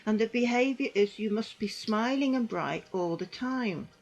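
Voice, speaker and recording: A woman's voice: a little high, lively intonation, moderate pace, a little mellow, dull audio. An older woman, talking earnestly into her camera and rambling with frequent restarts, sounding unwell. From United Kingdom. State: unwell and in pain. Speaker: vlogger, former psychiatric nurse. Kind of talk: personal commentary monologue.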